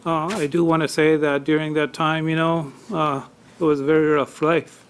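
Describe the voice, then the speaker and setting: A man testifying at a tax appeal hearing, halting and full of fillers as he grows emotional telling his story. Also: a little high, flat delivery, slight background noise. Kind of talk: unscripted testimony.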